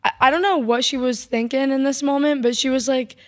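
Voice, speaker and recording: A young woman co-hosting a podcast in easy, casual chat, with a high, bright-sounding voice. She tells her stories in an animated way and slips into other people's voices as she goes. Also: a little fast. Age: young adult. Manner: animated storyteller, mimics voices. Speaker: podcast co-host.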